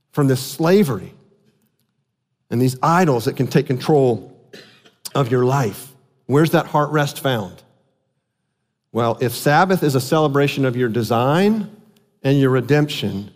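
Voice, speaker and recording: A man preaching a sermon as pastor, animated and asking his congregation questions. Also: a little high. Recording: long hall reverb.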